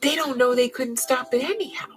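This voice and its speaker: A woman's voice: high voice, a little fast, husky, faint music behind, poor audio. A woman giving a casual tarot reading in a blunt, profane, slangy way, often laughing. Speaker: tarot card reader.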